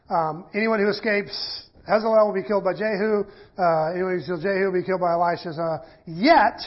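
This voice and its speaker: A man's voice: sits high, slightly rough. A man teaching a sermon in a conversational way, reading scripture aloud and breaking it down with fillers and restarts. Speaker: preacher. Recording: dull lo-fi sermon recording.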